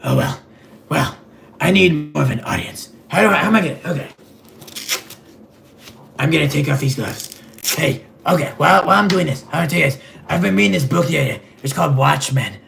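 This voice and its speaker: A vain, clueless superhero, voiced by a man in a comedic livestream sketch. He rambles in a deadpan, self-absorbed way. His voice is heavily gravelly and sits a little high for a man. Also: brisk, long pauses, slight background noise, heavily acted. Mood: deadpan rambling.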